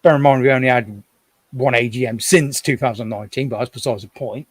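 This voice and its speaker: A man's voice: medium pitch, fairly even intonation, brisk, no room sound. A man chatting casually on a live stream, rambling and thinking aloud as he sorts through things at home.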